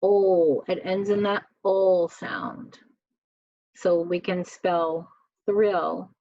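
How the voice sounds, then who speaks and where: Sounding out each letter, a female teacher works through a spelling lesson very slowly and deliberately. Her fairly low, level, dark-toned voice is dry and close with no room sound, and the recording has a muffled, dull lo-fi quality.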